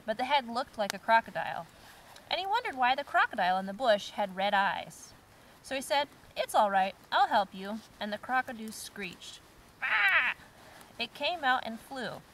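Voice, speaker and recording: Woman, casual campfire co-host, giggly, lively reader, faint background noise. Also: on the high side, low-quality recording. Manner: giggly, animated storytelling. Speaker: co-host reading listener stories. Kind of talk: casual chat, reading aloud. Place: outdoors by a campfire.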